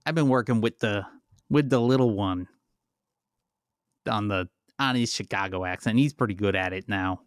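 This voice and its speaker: A man's voice: fairly low pitch, normal speed, long pauses, clear, resonant tone, dry recording, studio quality. A man co-hosting a podcast, teasing and playful in casual chat. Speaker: podcast co-host.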